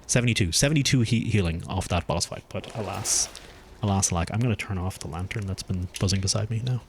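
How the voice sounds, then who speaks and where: A man streaming a game, chatting casually and thinking aloud as he plays, with his pitch jumping up when something surprises him. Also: a little hiss or hum. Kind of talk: casual gameplay commentary.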